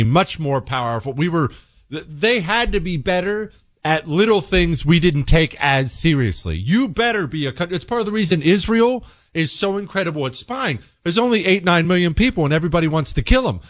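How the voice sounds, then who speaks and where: A man's voice: a little high, no room sound, studio quality. A man hosting a talk radio show, talking in a brash, sarcastic, opinionated way and joking with his producer. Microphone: studio microphone.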